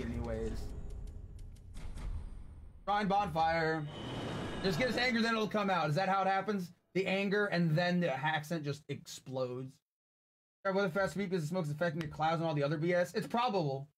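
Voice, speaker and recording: A man's voice: high voice, normal speed. A man from the US West Coast chatting casually and profanely with viewers while streaming a game. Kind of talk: casual gaming stream chat.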